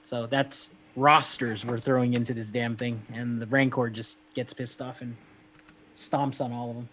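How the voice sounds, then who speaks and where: A man's voice: mid-range voice, level tone, moderate pace, fairly bright tone, a little hiss or hum. A man co-hosting a casual gaming stream, talking in a laid-back way with lots of fillers and repeats. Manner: laid-back, hesitant, filler-heavy, calls people man.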